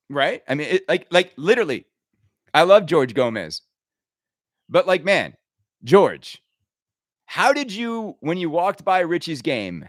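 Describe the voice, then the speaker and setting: A man hosting a podcast, ranting casually with sarcasm and quick asides. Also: on the high side, no echo, studio quality. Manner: animated, sarcastic, riffing with laughs and mock impressions. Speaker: podcast host.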